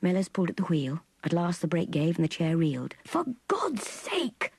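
An older woman narrating a classic novel in an intimate, breathy half-whisper. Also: low voice, quick pace, warm tone, no echo. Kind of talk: audiobook reading of a classic novel.

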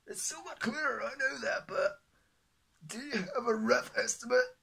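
A man voicing an American male reporter who fires off questions in a high, strained put-on voice. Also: a little slow, gravelly, bright, forceful tone, breathy edge, full character voice. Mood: pressing.

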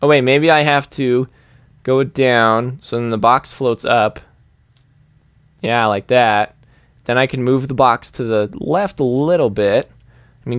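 A man's voice: medium pitch, clean tone, no room sound. A young man playing a video game, rambling and giggling as he thinks aloud in casual commentary. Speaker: gaming YouTuber. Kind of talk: let's play commentary.

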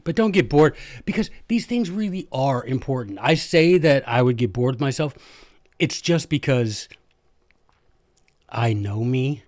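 A man, hosting a podcast and telling history stories in a lively, joking, self-deprecating way. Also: medium pitch, a little slow, no echo. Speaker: podcast host, former history teacher. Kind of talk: casual history storytelling monologue.

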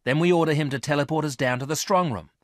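A man's voice: fairly high pitch, quick pace, no echo, pitched above the performer's own voice, lightly acted. Man doing a greedy scheming space woman in a storybook, raised voice, commanding, dry sound.

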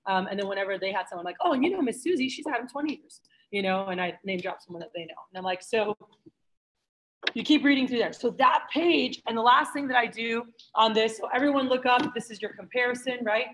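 A young woman leading a sales training session, talking fast and chatty and acting out customer exchanges for her trainees. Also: on the high side, animated, fairly bright tone, slight background noise, rough recording. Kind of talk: sales training talk to a group. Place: office room with trainees.

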